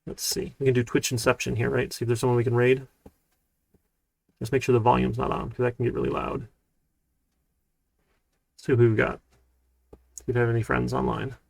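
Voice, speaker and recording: A man, a college programming instructor, giving a casual live-streamed lecture in a relaxed, rambling way with lots of fillers. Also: mid-range voice, a little fast, gravelly, pauses often, dry recording.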